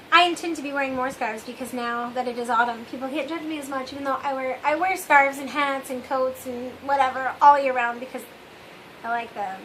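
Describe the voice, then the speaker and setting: A woman with a high, sharply bright voice talks through a casual confessional vlog. She rambles and speaks candidly to her viewers, trailing off and undercutting herself with wry asides. A faint room hum sits behind her. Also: moderate pace, low-quality recording. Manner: rambling and candid, often trailing off with "I don't know"; wry, with self-mocking asides. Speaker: vlog host.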